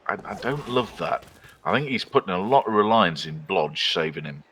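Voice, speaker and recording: A man's voice: deep voice, expressive, normal speed, bright, forceful tone, a little hiss or hum, rough recording. A man casually commenting on a board-game match from home, chatty and analytical. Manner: chatty, analytical, breaks off to talk to his cat.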